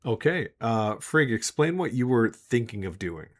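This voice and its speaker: A man's voice: mid-range voice, very animated, a little slow. A man narrating as game master of a tabletop game, loose and full of fillers, chuckling often.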